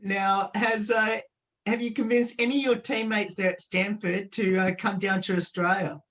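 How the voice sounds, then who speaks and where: Over a video call, a woman radio host interviews a guest, reading out her questions with many hesitant "um"s and "uh"s. Her medium-pitched voice is steady and a bit bright, at a normal speed.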